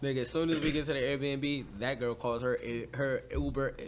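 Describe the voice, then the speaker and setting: A man co-hosting a podcast, telling a story in casual chat, animated and laughing often, his voice jumping high when he gets excited. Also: normal speed, a little hiss or hum. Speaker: podcast co-host.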